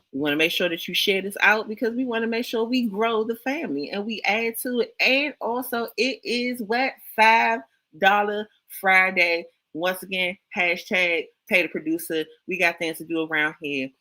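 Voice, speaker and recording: Man, D.C. accent, livestream co-host, bright tone, dead-dry sound, energetic slang greetings. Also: sits high, dry recording, rough recording. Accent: Washington, D.C. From Washington, D.C. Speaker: co-host of a livestream talk show. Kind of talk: casual livestream chat.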